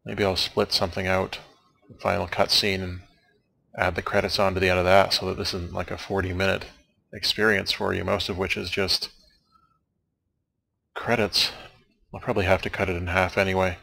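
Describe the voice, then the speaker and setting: A man's voice: low voice, flat delivery, moderate pace, gravelly, long pauses, pushed and bright. A young man casually rambling as a let's play commentator, making wry, dry jokes and wandering off on asides. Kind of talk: casual rambling commentary over game credits.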